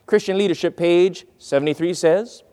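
A man's voice: high-pitched, normal speed, dark tone, big-room sound. A man giving a sermon-style lesson on speaking, stressing key words and calling his listeners friends. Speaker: preacher teaching on speech. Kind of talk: sermon lecture with quoted readings.

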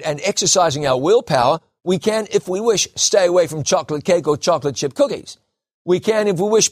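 A man preaching a sermon, emphatic, slowing down and repeating key phrases for stress. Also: high-pitched, dry recording, clean studio sound.

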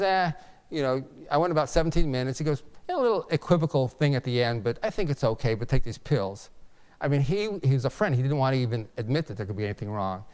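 A man in his sixties, a physician, gives a personal testimony. His voice is smooth and resonant, and his pitch sits in an ordinary middle range. He talks earnestly and haltingly, often stopping to restart a sentence. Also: darkish tone.

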